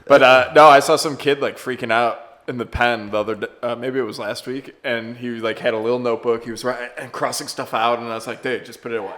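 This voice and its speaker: A man's voice: mid-range voice, steady tone, quick pace, hardly any pauses, a bit bright. A man who is a comedian guest on a podcast, chatting casually and making dry, wry asides.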